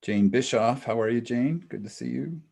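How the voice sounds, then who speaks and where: A man's voice: medium pitch, normal speed, gravelly, mellow, slightly rough. A middle-aged man co-hosting a webinar, chatting casually and greeting attendees by name over a video call. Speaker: webinar co-host.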